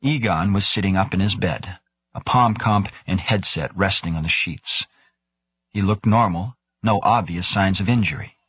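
A man reading an audiobook in scripted narration, with measured, even delivery and lightly voiced dialogue. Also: low-pitched, breathy edge, dry recording.

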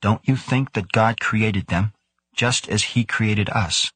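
A man voicing a quiet earnest young scientist. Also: on the low side, takes it slowly, breathy edge, no room sound, full character voice.

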